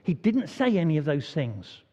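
A man's voice: a little high, big pitch swings, normal speed, warm tone. A man leading an all-age church service, chatty and full of questions for the children. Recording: dull, echoey church hall recording.

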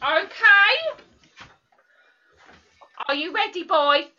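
A woman's voice: very high voice, pushed and bright, heavily acted. A woman voicing a bossy, fussy older lady character who scolds and takes over in a comic church sketch. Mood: brisk quizzing. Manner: brisk, bossy, scolding yet doting. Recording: muffled lo-fi recording.

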